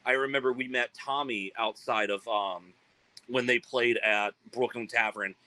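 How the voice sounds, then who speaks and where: A man from South Carolina, a guest telling animated stories in a casual interview and acting out quoted voices. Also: medium pitch, measured pace, no room sound, low-quality recording. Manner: animated, acts out quoted voices, many fillers. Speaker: guest, band frontman.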